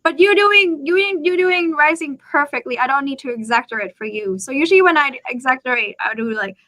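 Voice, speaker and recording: Bright, upbeat Thai teacher woman. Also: expressive, fairly quick. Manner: patient, coaching, demonstrates tones with sudden high pitch jumps. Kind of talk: live online lesson. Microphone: video call.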